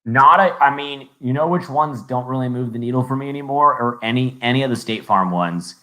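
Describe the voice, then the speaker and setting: A man's voice: mid-range voice, fairly quick, sharp tone. Chatty man co-hosting a late-night podcast. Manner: chatty storyteller, acts out quotes. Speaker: podcast co-host. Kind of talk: casual chat.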